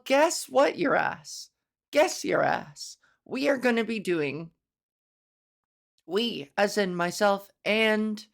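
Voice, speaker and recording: Gravelly-voiced woman rambling playfully. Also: mid-range voice. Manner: playful, silly, rambling with mock-grand words. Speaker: comedian and podcast host. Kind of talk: casual solo podcast monologue.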